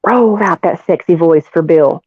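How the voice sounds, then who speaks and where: A woman's voice: lowish voice, normal speed, breathy edge, dry recording. Woman joking around on a stream, teasing, dry close sound, kinda dull lo-fi audio. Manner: loud, teasing, drawling jokes. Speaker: stream host. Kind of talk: casual livestream banter.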